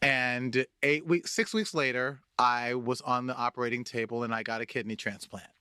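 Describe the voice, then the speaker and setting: A man, a guest, telling a personal story in conversation, animated, often repeating and restarting words. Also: medium pitch, normal speed, clear, resonant tone, no echo.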